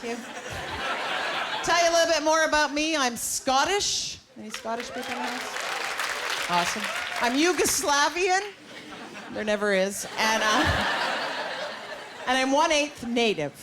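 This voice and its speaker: A woman's voice: sits high, animated, very noisy. Brash woman comic, live club crowd. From Canada. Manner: brash, self-mocking punchlines with pauses for laughs. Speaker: stand-up comedian. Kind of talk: stand-up comedy set. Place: comedy club stage. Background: laughing audience.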